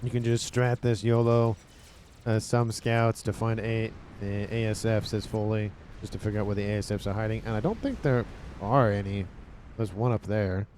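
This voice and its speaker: A man casually commentating a strategy game replay, reacting excitably as the action unfolds. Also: fairly low pitch, slight background noise. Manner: excitable, quick reactions, often exclaims "oh".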